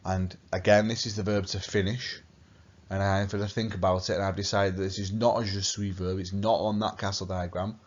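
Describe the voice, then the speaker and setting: A man teaches a recorded lesson, patiently repeating his key points. His voice sits very low. The recording sounds dull and lo-fi. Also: flat delivery, fairly quick. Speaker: language teacher.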